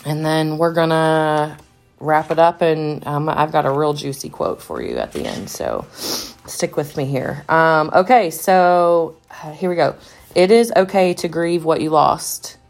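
A woman's voice: low-pitched, animated, a little slow, gravelly, faint music behind. A woman hosting a podcast in a casual monologue, rambling with lots of fillers and restarts. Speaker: podcast host.

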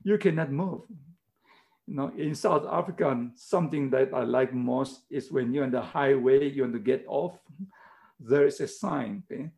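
A man's voice: mid-range voice, moderate pace, vocal fry, a little mellow. A middle-aged man preaching a sermon in earnest, emphatic, simple English, repeating his key words. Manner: non-native English, simple phrasing.

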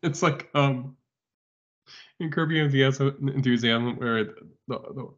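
A man's voice: medium pitch, unhurried, a bit bright, dull audio. A man in casual comedic chat, laughing and riffing on jokes.

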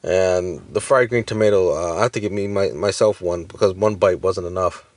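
A man's voice: sits low, a little fast, a little mellow, no echo. A man in his thirties co-hosting a podcast in casual chat, hesitant with many fillers and restarts. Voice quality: hesitant, many uhs and self-corrections. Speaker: podcast co-host.

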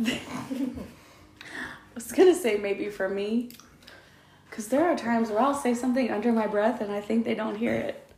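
Woman, 30s, podcast host, casual chat, laughing storyteller, slightly high voice, faint background hiss. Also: normal speed, long pauses, a little mellow. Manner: chatty, laughing storyteller with many fillers. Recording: echoey room.

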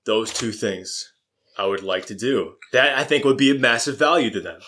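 A man with a medium-pitched, bright, forceful voice chats casually at a normal speed. Upbeat and rambling, he corrects himself as he works through his spoken affirmations and plans.

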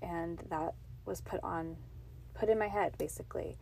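Recording in a home closet with a podcast mic propped on a box, this podcast host in her thirties confides her faith testimony with earnest emotion. She speaks at a moderate pace in a fairly low, darkish voice with vocal fry, and there's a little hiss or hum.

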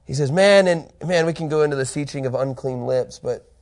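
A man teaching a Bible study, animated and emphatic, reading scripture aloud with building intensity. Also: mid-range voice, brisk.

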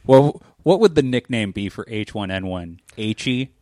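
A man's voice: lowish voice, animated, moderate pace, dark tone, no room sound, clean studio sound. A young adult man co-hosting a casual chat from home, joking, rambling and laughing often. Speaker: podcast co-host.

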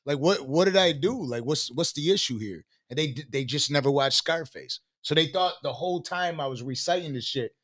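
A man with a fairly high voice, telling a long story in casual podcast chat. He talks in an animated way and swears freely. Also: a little fast, few pauses. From Buffalo, New York. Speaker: podcast co-host.

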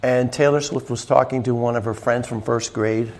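Musician guest, male, a gravelly voice, casual animated storyteller. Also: normal speed. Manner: animated storyteller, raises pitch to imitate others. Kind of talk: casual chat.

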